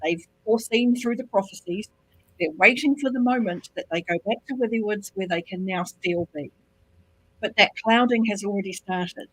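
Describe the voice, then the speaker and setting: A woman in a casual book discussion, talking through her points in a measured, reasoned way. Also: medium pitch, husky, rough recording. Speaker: book club member.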